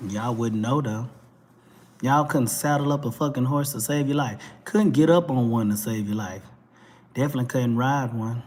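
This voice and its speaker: Speaking at medium pitch and a moderate pace, a talk show host with a Texas twang delivers a profane, blunt ranting monologue, pounding the same points again and again. His voice is a little mellow.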